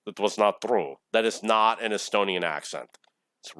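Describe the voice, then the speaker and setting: A man's voice: lowish voice, moderate pace, fairly bright tone, smooth, dry recording. A man in his forties giving casual, rambling commentary over his own gameplay replay, swearing often when irritated. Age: 40s. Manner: rambling, profane, easily irritated.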